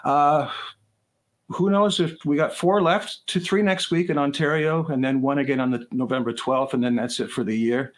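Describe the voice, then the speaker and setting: A man from Canada chats on a video call as a guest. He rambles in a loose, self-deprecating way and jokes as he goes. His voice sits at an ordinary middle pitch. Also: fairly even intonation, normal speed. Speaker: guest musician. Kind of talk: casual interview chat.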